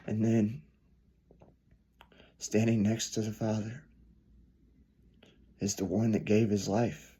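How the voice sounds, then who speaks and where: A man preaching a storytelling sermon, earnest, swelling louder then dropping soft. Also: on the low side, little pitch movement, slow pace, long pauses, breathy edge.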